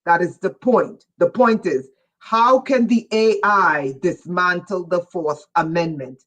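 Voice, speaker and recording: A livestream host reading viewer chat, who gets excited and raises their voice, often breaking off with "whoa" and asking listeners whether they follow. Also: medium pitch, takes it slowly. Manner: breaks off with repeated "whoa" and "wait". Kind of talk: casual livestream talk to viewers.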